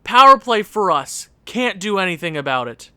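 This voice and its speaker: A man's voice: high-pitched, sing-song, normal speed, very noisy. A young man giving casual gameplay commentary as a video creator, ranting in exasperation at the game with sighs and rueful laughs.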